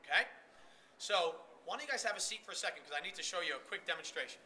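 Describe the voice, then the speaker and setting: A man leading a live sales-training workshop, energetic and demonstrative, speaking directly to the people in the room. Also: high-pitched, fast, a little hiss or hum. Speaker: trade show sales trainer.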